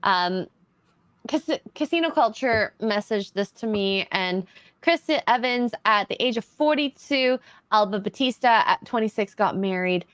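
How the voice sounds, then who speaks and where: A woman's voice: mid-range voice, unhurried, clean tone, dry recording. Laid-back woman reading stream donations. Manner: relaxed, tipsy-sounding, reads donations aloud. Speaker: co-host. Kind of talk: casual livestream chat.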